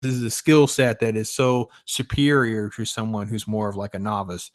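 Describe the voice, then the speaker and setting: A man hosting a casual podcast chat, enthusiastic and tagging his points with quick questions. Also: on the low side, level tone. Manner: enthusiastic, tags remarks with "right?". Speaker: podcast host.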